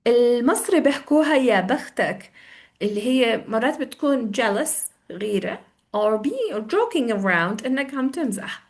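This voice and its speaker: A woman's voice: fairly high pitch, animated, rapid-fire. A young woman teaches English on a video call, acting out example phrases in different tones and switching between English and as she explains them. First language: Arabic. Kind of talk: online language lesson.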